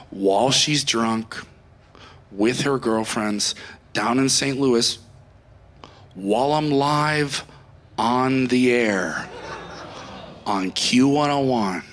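A man doing a stand-up comedy set, ranting and shouting with a lot of profanity. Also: medium pitch, slow pace, pauses often.

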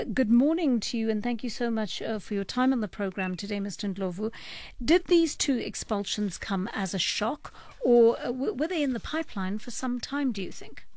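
Woman, radio talk show host, from South Africa, measured and wry, dry close studio mic. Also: a little high, darkish tone, dry recording. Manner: measured, wry, reads listener messages.

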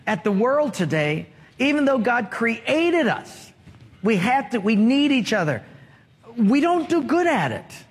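A pastor with an extremely high, breathy-edged voice preaches a sermon, telling stories and putting questions to the congregation. The recording carries the long reverb of a large hall.

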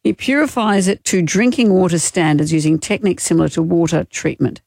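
A woman's voice: on the low side, a little fast, darkish tone, no echo. Dry, teasing woman host. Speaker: radio co-host. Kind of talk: casual radio banter.

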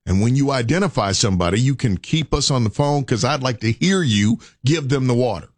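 A man's voice: medium pitch, lively intonation, fairly quick, no room sound. A man hosting a radio show, urging listeners with preacher-like repetition. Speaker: radio host. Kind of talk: morning radio talk.

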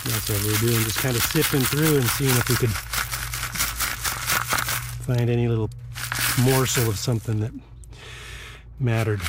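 A man talking outdoors in an interview, reflective and halting. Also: mid-range voice, fairly even intonation, heavy background noise. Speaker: interviewee, fire victim. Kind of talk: casual interview talk. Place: outdoors among rubble.

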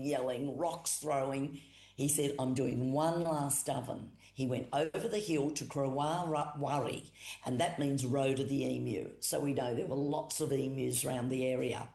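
An Australian voice, middle in pitch, tells an old creation story at an easy pace, coming back to the same phrases and leaning on the key moments. The room around the mic rings with a clear echo. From Boandik country, South Australia. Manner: unhurried, repetitive storytelling with pauses and emphatic retellings. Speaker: Aboriginal storyteller and cultural educator. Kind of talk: oral telling of a creation story. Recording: echoey room.

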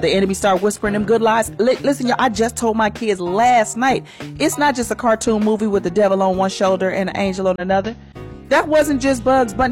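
A woman's voice: mid-range voice, darkish tone. A woman hosting a morning radio show, giving an emphatic, preachy inspirational talk in a sermon style. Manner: preachy, emphatic, acts out quoted voices.

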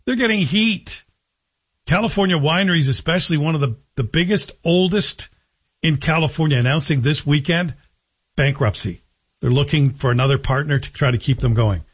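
A man's voice: fairly high pitch, normal speed, breathy edge, lo-fi sound. A man hosting a talk radio show, giving sardonic, opinionated commentary. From Scotland.

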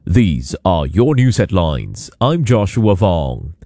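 A man reading a radio news bulletin in a measured, formal way. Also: low voice, big pitch swings, dark tone, no echo, studio quality. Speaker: newsreader.

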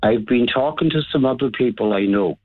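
A man's voice: medium pitch, fairly quick, slightly rough, no room sound, close to an everyday voice. A male caller on the phone putting on a chatty older man with an Irish accent, teasing the hosts. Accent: put-on Irish. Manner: switches between put-on accents. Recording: phone line.

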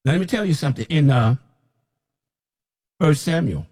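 A fiery man preaching straight at his listeners in a loose, unscripted sermon. His voice sits a little high and has a husky grain. He scolds, circles back and repeats lines to drive them home. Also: expressive, normal speed, a little mellow. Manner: scolding, impassioned, repeats himself. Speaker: self-described prophet.

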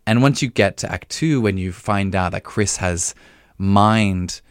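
Deep-voiced man reviewing theatre. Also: clean tone, no room sound, clean studio sound. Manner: animated, quick, laughs often, many fillers. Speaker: podcast co-host, theatre critic. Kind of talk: casual review chat.

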